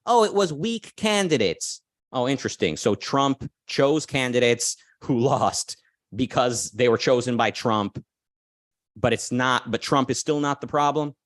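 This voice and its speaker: A man's voice: mid-range voice, unhurried, no room sound. Opinionated man with a dry sound. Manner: opinionated, animated, with frequent restarts and "right?" asides. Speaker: podcast host. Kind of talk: casual political commentary.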